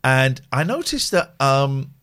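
A man's voice: mid-range voice, sing-song, takes it slowly, a bit bright, clear, resonant tone. A man hosting a late-night phone-in show, chatting casually, teasing callers and reading sponsor plugs. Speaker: radio phone-in host.

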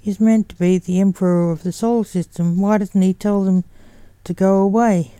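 A woman's voice: medium pitch, fairly even intonation, normal speed, warm tone, clean tone, no room sound, lightly acted. A woman reading the lines of a sarcastic teenage girl.

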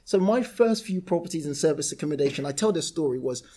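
Husky man telling animated stories. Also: a little high, fast. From South-East London, England. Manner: animated, laughs through his anecdotes. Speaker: property entrepreneur guest. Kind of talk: casual storytelling interview.

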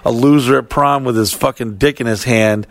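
A man with a gravelly, creaky voice spins a rambling, profanity-laden story in casual podcast chat. He circles back with fillers and restarts. The sound is close and dry, with no room around it. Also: mid-range voice, fairly even intonation, moderate pace, no room sound.

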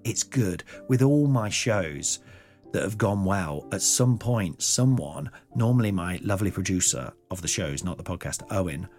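A man's voice: on the low side, a little mellow. A man hosting a solo podcast, talking in a rambling, candid way with restarts and swearing. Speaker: podcast host.

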